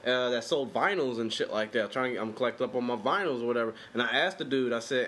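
A man's voice: medium pitch, fast talker, hardly any pauses, a bit bright, slight background noise. A man from co-hosting a podcast, telling loose, slangy, profane stories and jokes in casual chat. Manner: loose, joking, slangy storytelling. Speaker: podcast co-host.

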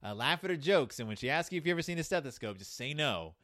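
This podcast host reviewing a children's book has a higher-pitched, expressive male voice, speaking fast with a fairly bright tone. The studio sound is clean with no room reverb, and his comedic commentary rambles through many restarts.

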